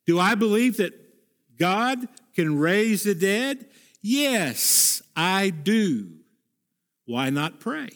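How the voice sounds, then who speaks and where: A man with a notably high speaking voice delivers a sermon as a pastor. He preaches earnestly and emphatically, leaning on repeated phrases. His voice climbs when he cries out a prayer and sinks low for the quiet points. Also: sing-song, slow.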